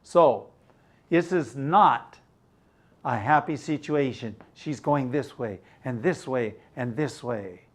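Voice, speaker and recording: An older man teaching English through a story, explaining words slowly and glossing them in Mandarin. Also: medium pitch.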